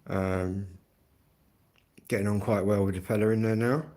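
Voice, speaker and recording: A man's voice: fairly low pitch, fairly even intonation, moderate pace, a little mellow. A middle-aged man from Kent, rambling casually to viewers on a livestream with plenty of fillers. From Kent, England. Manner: chatty and rambling, many fillers. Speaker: livestream host.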